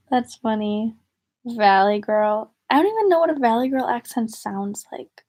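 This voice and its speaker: Chatty young woman vlogger, slightly high. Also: big pitch swings, takes it slowly. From northern United States. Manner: chatty, rambling, giggly. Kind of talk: casual livestream chat.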